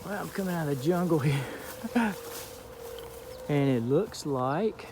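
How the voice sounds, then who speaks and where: Slow-talking Georgia man on a trail. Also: on the high side, background noise. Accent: Southern US (Georgia). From southern Georgia, USA. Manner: relaxed storytelling, reflective and faith-minded. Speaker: thru-hiker vlogger. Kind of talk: casual trail vlog talk. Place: outdoors on a hiking trail.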